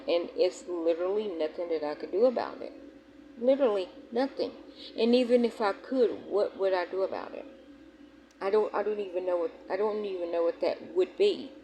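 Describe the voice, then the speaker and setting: A woman's voice: mid-range voice, darkish tone, low-quality recording. Young woman, frank vlogger, emphatic with restarts, faint room hum behind. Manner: candid, emphatic, rambling with restarts. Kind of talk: personal vlog talking to viewers.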